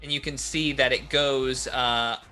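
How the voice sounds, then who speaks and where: A man's voice: mid-range voice, fairly even intonation, a little slow, sharp tone. A man running a live tabletop game as game master, friendly and talking in loose bursts.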